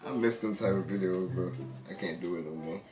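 A young man hosting a casual vlog chat, talking in relaxed slang and laughing easily. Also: low-pitched, brisk. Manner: laid-back slangy talk, laughs often. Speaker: vlogger host. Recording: loud music playing behind.

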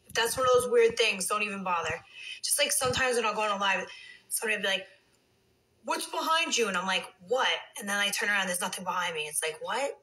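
Late at night on a phone livestream, a reality TV star chats with viewers in an animated, fast, mid-range voice that sounds pushed and bright. She curses out trolls and swears freely with a brash attitude, and the recording quality is low.

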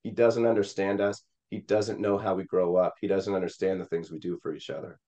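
A man's voice: deep voice, flat delivery, a little fast, warm tone. A man from Missouri, a Senate candidate, telling an emotional personal story with many fillers and acted-out quotes. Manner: rambling with many fillers, quoting voices.

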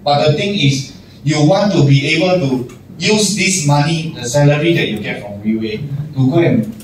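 A man's voice: on the high side, normal speed. A man, a general manager giving a casual motivational talk to staff, acting out little scenes and laughing often. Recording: echoey room, distant mic, noisy.

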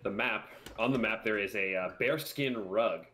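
A man's voice: lowish voice, normal speed, pushed and bright, a little hiss or hum. A man casually describing his character's actions in a tabletop game.

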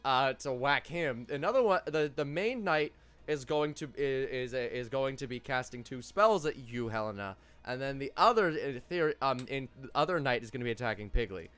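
A man's voice: mid-range voice, animated, moderate pace, fairly bright tone, clean tone. A man narrating as game master of a tabletop game, loose and joking, with many fillers.

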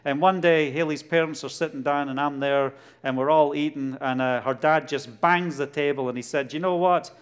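A middle-aged man with a Glasgow Scottish accent gives a testimony sermon, telling a story with lively bursts and acting out dialogue. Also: a little high, moderate pace, few pauses, clear, resonant tone. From Scotland. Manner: animated storytelling, laughs often, acts out dialogue. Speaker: preacher.

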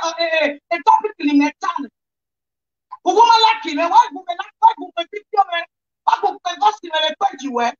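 Nigerian woman, very high voice, heated fast rant, muffled lo-fi audio. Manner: fast, heated, mixes English with local languages. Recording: dull lo-fi audio.

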